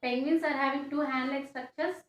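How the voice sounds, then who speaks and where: A woman teacher, explaining a science lesson to children slowly and repetitively, often ending with a questioning "no?". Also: high-pitched, fairly even intonation. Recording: echoey room, faint background noise.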